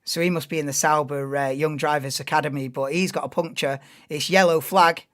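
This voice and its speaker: A man's voice: fairly high pitch, steady tone, quick pace, fairly bright tone. A man doing casual live race commentary on a stream, chatting and thinking aloud between calls of the action.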